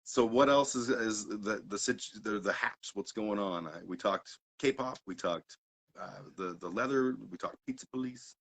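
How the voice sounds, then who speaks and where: A man hosting a casual chat, telling a story with lively swings between loud and quiet and frequent laughter. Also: on the low side, normal speed, rough recording. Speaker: podcast host.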